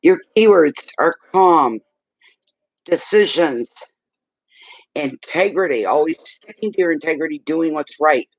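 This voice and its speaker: A fairly high-voiced man reads tarot live, talking earnestly and reassuringly to his client. He gets emotional and teary as he goes. The sound is dull and lo-fi, and the room is dry and close. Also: lively intonation, measured pace, dry recording. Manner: emotional, tearing up. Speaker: tarot card reader. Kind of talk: live tarot reading stream.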